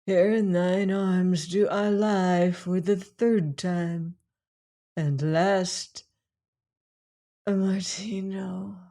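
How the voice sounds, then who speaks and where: A woman's voice: medium pitch, slow pace, a little mellow, natural voice. A woman reader voicing a proud, heartbroken young woman in an audiobook. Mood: faint. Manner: pleading, then fiercely proud. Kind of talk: audiobook character reading.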